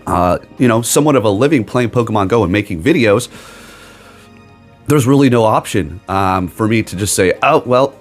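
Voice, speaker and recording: A man's voice: on the low side, lively intonation, moderate pace, faint music behind. Rambling, emphatic man ranting on video. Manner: rambling, emphatic, keeps tagging "okay?"; sarcastic asides. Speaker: gaming YouTuber. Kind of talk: casual video rant.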